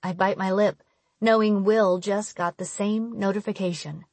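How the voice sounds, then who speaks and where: A woman's voice: mid-range voice, fairly even intonation, moderate pace, a little mellow, dry recording. A young woman giving earnest, slightly exasperated first-person audiobook narration.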